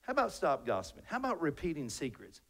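A man's voice: on the high side, wildly swooping pitch, fast talker, a bit bright. A man preaching a sermon to his congregation, joking and asking rhetorical questions. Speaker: pastor. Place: church sanctuary.

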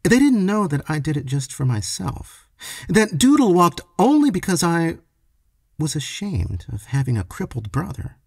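Gravelly man reading a story. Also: on the high side, no room sound. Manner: slow, expressive storytelling. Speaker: story reader. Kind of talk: dramatic short-story reading. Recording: dry close recording.

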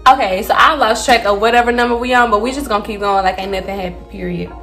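A woman's voice: mid-range voice, fast, pushed and bright, soft background music. Chatty young Southern woman from Alabama. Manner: chatty, says y'all often, laughs between answers. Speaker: vlogger. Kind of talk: casual get-to-know-me Q&A.

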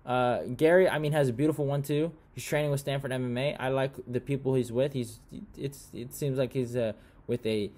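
A man's voice: medium pitch, mellow. A man hosting a casual fight-prediction monologue, slangy and profane, saying bro a lot, often breaking into laughter.

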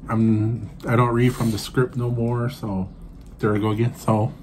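A man's voice: medium pitch, little pitch movement, measured pace, darkish tone, a little hiss or hum. A man co-hosting a casual family food vlog, joking and playful. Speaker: vlog co-host. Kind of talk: casual chat.

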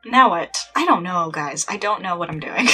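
A woman's voice: fairly low pitch, lively intonation, moderate pace, pushed and bright, breathy edge. A young woman chatting playfully through a horror game, with exasperated asides. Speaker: gaming channel host. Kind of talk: let's play commentary. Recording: faint game music behind.

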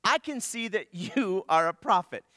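Brief: man playing a polite woman in a sermon retelling, high, bright, dry. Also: animated, moderate pace, dry recording. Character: polite woman at a well, talking up to a stranger.

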